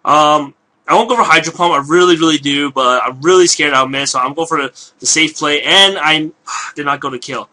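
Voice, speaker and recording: Hoarse bright-voiced man rambling. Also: on the high side, normal speed. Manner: rambling and hesitant, many fillers and restarts. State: hoarse, losing his voice, clearing his throat. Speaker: video game commentator. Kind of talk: casual live game commentary.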